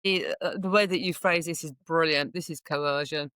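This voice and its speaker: A woman's voice: low voice, normal speed, hardly any pauses, clear, resonant tone, no room sound. Passionate woman doula. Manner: passionate, animated, frequent restarts and laughs. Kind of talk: podcast interview storytelling.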